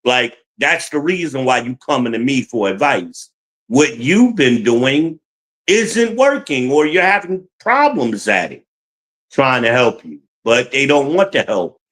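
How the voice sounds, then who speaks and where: Slow, heated man ranting on a stream. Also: mid-range voice, very animated, fairly bright tone, low-quality recording. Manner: blunt, heated, profane, talks to chat. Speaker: streamer giving relationship advice. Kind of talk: livestream rant.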